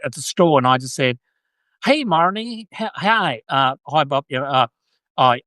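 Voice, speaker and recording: A man's voice: medium pitch, pushed and bright, dry recording. An Australian man hosting a casual live stream, chatty and joking, with many restarts. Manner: joking, chatty, many restarts, reads viewer comments aloud. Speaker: podcast host.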